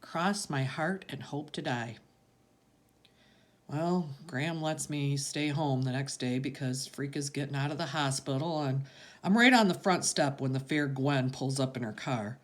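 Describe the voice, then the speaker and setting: A woman reading a first-person audiobook narration in a plain, conversational way. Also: rumbling low. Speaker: audiobook reader.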